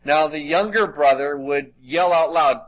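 Fairly high-voiced guy giving a sermon, steady and methodical. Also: a little slow, lo-fi sound. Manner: methodical teaching, reads scripture aloud. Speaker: preacher.

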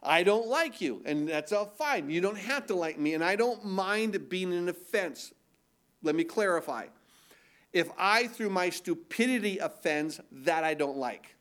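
An older man preaching a sermon from the pulpit, his voice sitting a little higher than most men's. He talks in a loose, conversational way, restarting phrases and doubling words as he goes. Now and then he slips into mock voices to make a point. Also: expressive, a little slow, a bit bright. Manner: mock-incredulous put-on voices for emphasis. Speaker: pastor.

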